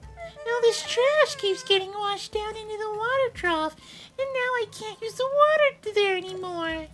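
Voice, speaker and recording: A man putting on a shrill fretful village woman. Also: expressive, a little slow, music in the background. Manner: complaining, flustered.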